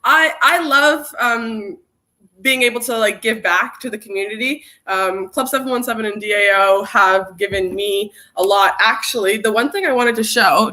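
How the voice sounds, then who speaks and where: Young woman host, bright energetic voice, casually greets viewers and reads comments on a stream. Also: fairly high pitch, moderate pace. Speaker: workshop host. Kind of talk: casual livestream chat.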